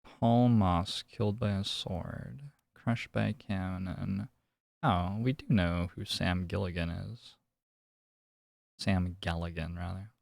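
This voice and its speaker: Slow, gravelly male streamer. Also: sits low, fairly even intonation, dry recording, studio quality. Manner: musing, thinking aloud. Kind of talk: casual game commentary.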